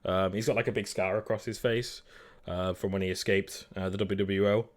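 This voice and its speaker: A man running a tabletop role-playing game as game master. He narrates the scene in a loose, halting way, full of fillers and restarts. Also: fairly low pitch, flat delivery.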